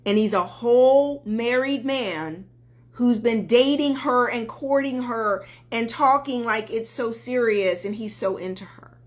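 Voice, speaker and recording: A woman's voice: a little high, measured pace. A woman dating coach talking on a live stream, earnest and emphatic, greeting viewers as they join.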